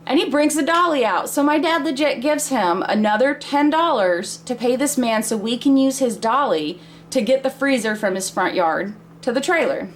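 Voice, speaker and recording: A woman's voice: high voice, expressive, moderate pace, slight background noise. Chatty woman in her thirties telling a story. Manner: chatty, laughs between lines. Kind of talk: casual spoken storytelling.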